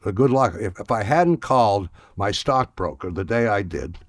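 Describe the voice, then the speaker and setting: An older man telling a story in an archive clip, halting and repeating words, with a dry sense of humor. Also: fairly low pitch, animated, no echo. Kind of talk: storytelling anecdote.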